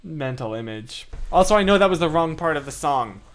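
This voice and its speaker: High-voiced man chatting on a livestream. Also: lively intonation, brisk. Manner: playful, self-deprecating, chatty. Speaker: livestream host. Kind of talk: casual livestream chat, reading comments.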